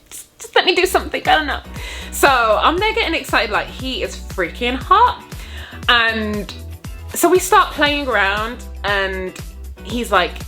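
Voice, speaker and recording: A young woman telling a storytime straight to her viewers in a casual vlog, animated and jokey. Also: a little high, normal speed, faint music behind.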